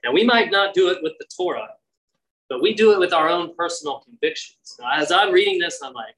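A pastor delivering an earnest, conversational sermon, his voice bright and forceful. He often sinks to a near-hush before rising again. He sounds somewhat far from the microphone. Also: high voice, animated, fairly quick. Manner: earnest, conversational preaching with sudden drops to a hushed voice.

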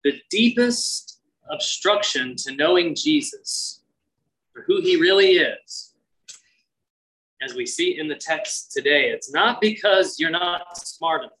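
A man preaching a sermon as pastor, earnest and conversational, often dropping to a hushed voice. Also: a little high, lively intonation, slow, distant mic, poor audio.

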